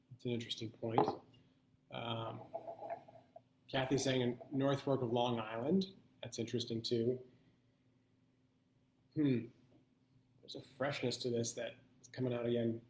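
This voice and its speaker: A man's voice: mid-range voice, echoey room, slight background noise. Thoughtful man hosting a wine tasting. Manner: thoughtful, thinking aloud with pauses. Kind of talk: live online blind tasting.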